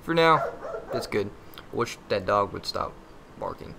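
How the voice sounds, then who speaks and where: Bright-voiced man muttering over gameplay. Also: lowish voice, expressive, a little slow, gravelly, slight background noise. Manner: muttering, easily frustrated, yelps and curses at the game; crude joking. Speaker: gameplay commentator. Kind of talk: casual game commentary.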